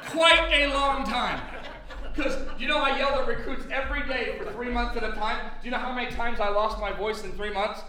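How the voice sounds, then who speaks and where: A middle-aged man preaching a sermon in a loud, booming drill-instructor voice, heard in a church hall. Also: brisk, a crowd in the background. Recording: echoey hall from far off.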